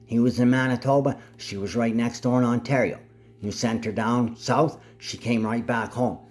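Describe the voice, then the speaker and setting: A man of middling pitch talks straight to camera in a long, rambling monologue. He is agitated and keeps addressing family members who are not there, slipping in and out of anger. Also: fairly even intonation, normal speed, a little mellow. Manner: speaks to absent family members. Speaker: vlogger.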